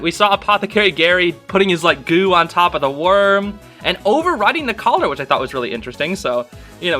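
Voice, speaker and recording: Excited young man gushing over an episode. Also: sits high. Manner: excited, gushing, repeats himself. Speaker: video reviewer. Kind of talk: casual episode review.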